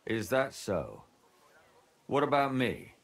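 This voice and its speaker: A man's voice: mid-range voice, sing-song, slow, gravelly, full character voice. An actor playing a weary, bitter former scribe who calls himself a madman, in game voice acting. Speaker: video game character.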